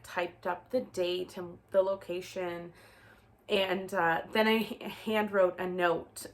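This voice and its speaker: Slow, chatty Canadian woman vlogger. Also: lowish voice. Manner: chatty, rambling, with frequent fillers and restarts. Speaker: knitting vlogger. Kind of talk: casual chat to camera.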